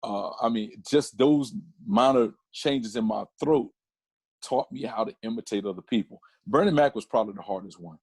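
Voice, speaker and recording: Guy guesting on a podcast, husky voice, dry sound, tells stories with lots of restarts. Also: fairly low pitch, normal speed, dry recording. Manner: animated storyteller with many restarts. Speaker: podcast guest, comedian and photographer. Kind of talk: casual interview chat.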